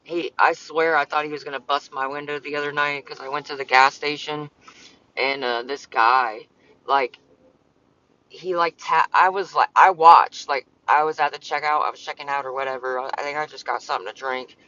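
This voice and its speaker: A man's voice: fairly high pitch, fairly even intonation, moderate pace, sharp tone, no room sound, muffled recording. A man streaming casually from his parked car, rambling, swearing often and talking back to commenters. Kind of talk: casual livestream chat. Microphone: phone.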